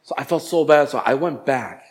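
A man casually telling a personal story in an animated way, acting out what people said with sudden jumps in pitch and volume. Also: fairly quick. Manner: animated, acts out dialogue with jumps in pitch and loudness.

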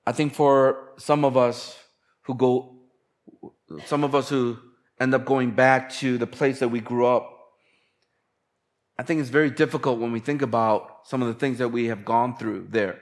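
A man's voice: medium pitch, fairly even intonation, normal speed. A man preaching a sermon in a conversational, relatable way, often acting out quoted lines. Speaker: pastor.

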